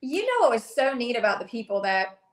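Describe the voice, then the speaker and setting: A woman's voice: a little high, very animated, fairly quick, reverberant. A young woman from South Carolina with a heavy Southern accent, a country singer chatting as a guest in a bubbly, gushing way with frequent laughs. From South Carolina, USA. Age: young adult. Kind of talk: casual interview chat.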